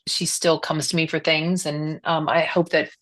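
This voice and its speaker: Woman, very low voice, dry sound, on a phone, earnest, hesitant. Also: level tone, normal speed, a bit bright, no echo. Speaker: workshop participant, past organization president. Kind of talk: casual sharing in an online meeting.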